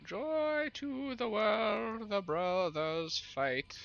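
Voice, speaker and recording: A crotchety old witch croons a slow, mocking little tune in a high, strained voice, as a man puts her on. The voice sits far above his own, cracked and drawn out, and the recording sounds a little dull. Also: gravelly, a bit bright, exaggerated voice. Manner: slow, high, sing-song. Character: crotchety old witch singing a mock carol.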